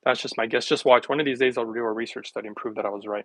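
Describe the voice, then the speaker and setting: A man hosting a health livestream, chatting casually and rambling with sarcastic asides while making a smoothie in his kitchen, recorded on a phone. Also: medium pitch, fast talker, fairly bright tone, no echo.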